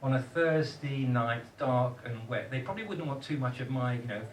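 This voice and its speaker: A man's voice: medium pitch, moderate pace, a little hiss or hum. A man with a northern English accent performing comic poetry to a live audience in a bar, cheeky and self-mocking. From northern England. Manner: cheeky, self-mocking, laughs at his own jokes. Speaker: poet and host. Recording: echoey cellar bar, distant mic.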